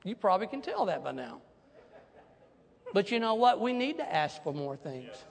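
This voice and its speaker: A man preaching a sermon as pastor, animated, swinging from hushed asides to loud declarations. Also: sits high, normal speed, creaky, long reverb tail.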